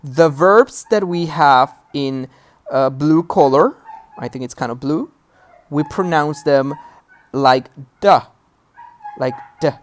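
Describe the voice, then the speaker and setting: Very low-voiced, unhurried female teacher. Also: slight background noise. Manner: patient, explains step by step with repeated checks. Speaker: English teacher. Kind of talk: recorded grammar lesson.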